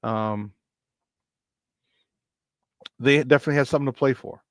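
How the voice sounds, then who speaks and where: A man of middle pitch hosts a casual sports talk show, excitable and prone to saying things twice. He rattles off stats in quick lists and sounds dry and close, with no room around him. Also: dry recording. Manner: excitable, repeats phrases for emphasis; reads stat lines off in quick lists. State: doing burpees while talking.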